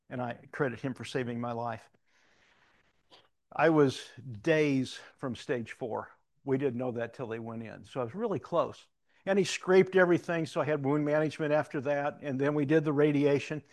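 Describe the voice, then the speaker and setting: An older man preaching in a loose, conversational way, drifting into personal stories and restarting his sentences. His voice sits a little higher than most men's. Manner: rambling, conversational, with self-interrupting restarts. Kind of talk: informal sermon with personal stories.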